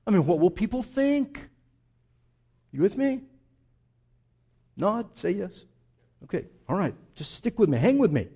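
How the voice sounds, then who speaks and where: A man's voice: sits high, big pitch swings, a little slow, pauses often, warm tone, husky. A male pastor preaching a sermon, speaking straight to his congregation and acting out the voices of the people in his story.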